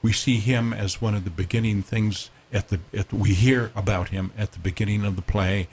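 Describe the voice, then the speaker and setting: A man directing a play, speaking in a measured, hesitant way in a radio interview. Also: fairly low pitch, fairly even intonation, darkish tone, slight background noise. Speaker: theater director.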